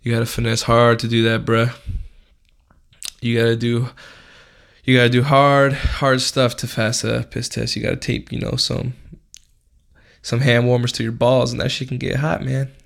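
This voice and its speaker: A man's voice: mid-range voice, monotone, moderate pace, vocal fry, long pauses. A young man hosting a podcast, telling a story in a casual, laid-back way, full of slang and swearing. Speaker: podcast host.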